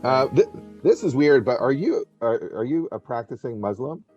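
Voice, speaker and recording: A man's voice: mid-range voice, expressive, normal speed, muffled recording, over music. A man with a Baltimore accent hosting a podcast interview. He asks easygoing questions and reacts with short remarks and laughter. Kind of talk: casual interview.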